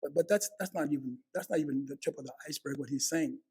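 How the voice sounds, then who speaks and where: In his fifties, this host leads a heartfelt family conversation in an earnest way, often repeating words as he begins a thought. His voice is a little high, husky, and dark in tone, and he speaks at a quick pace.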